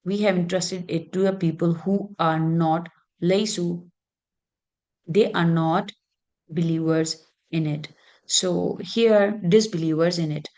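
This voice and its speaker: A woman teaching an Arabic grammar lesson, explaining slowly and patiently with many fillers. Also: lowish voice, steady tone, a little mellow.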